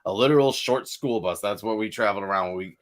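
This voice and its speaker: A man's voice: lowish voice, fast. Rambling young man telling road stories. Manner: rambling storyteller, swears, animated outbursts. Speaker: metal band vocalist, guest. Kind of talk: casual podcast chat.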